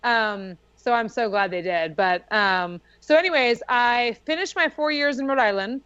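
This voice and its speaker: A woman's voice: a little high, moderate pace, a bit bright, smooth, no echo. A young adult woman as a podcast guest, casually telling a story, chatty and full of "like", often laughing as she talks. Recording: dull lo-fi.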